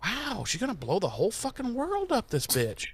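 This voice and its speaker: A man's voice: huge pitch swings, normal speed, fairly bright tone, breathy edge, heavily acted. A man voicing an exasperated young heroine who reacts with sweary disbelief. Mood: incredulous. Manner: high, incredulous and sweary. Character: exasperated young woman fighter.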